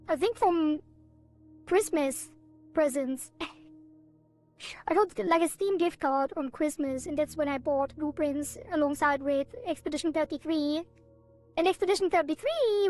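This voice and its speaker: A woman's voice: high voice, a little mellow. A woman streaming a game, chatting casually with her viewers in a rambling, giggly way with playful sound effects. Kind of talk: casual live-stream chat.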